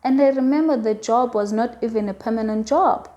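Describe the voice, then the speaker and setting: A woman's voice: a little high, fairly quick, warm tone, highs cut off. A woman telling a personal faith testimony in a casual, earnest way, often repeating herself as she talks. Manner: earnest, emotional, repeats words and phrases. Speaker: vlogger sharing a faith testimony.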